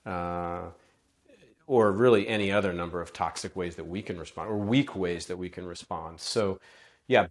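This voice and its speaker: A man in an interview, talking casually and animatedly as a relationship coach, acting out quoted exchanges as he explains. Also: fairly low pitch.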